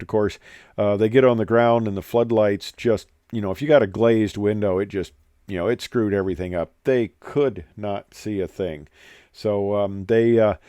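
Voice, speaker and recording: A man's voice: on the low side, warm tone, dry recording. Man, pilot, casual storytelling, rambling, hesitant, colloquial, dry close sound.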